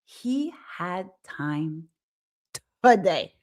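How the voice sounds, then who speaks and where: Woman host, casual live-stream chatter, excitable, talks straight to viewers. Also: on the low side, very slow. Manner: chatty and excitable, reads viewer comments aloud. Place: Montreal.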